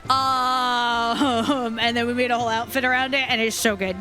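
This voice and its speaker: A woman streamer chatting casually while playing a game, relaxed and rambling. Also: a little high, normal speed, soft background music. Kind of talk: casual chat while gaming.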